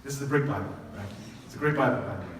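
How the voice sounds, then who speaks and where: A man preaching a sermon as pastor, telling stories with quoted dialogue in an animated way. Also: medium pitch, rapid-fire, background noise. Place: church sanctuary. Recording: echoey church hall from a distant mic.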